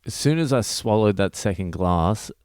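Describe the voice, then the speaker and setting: A man's voice: lowish voice, animated, moderate pace, darkish tone, clean tone, no room sound. An Australian man, a comedian hosting a podcast, telling stories in a blunt, rambling, sweary monologue. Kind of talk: casual storytelling monologue.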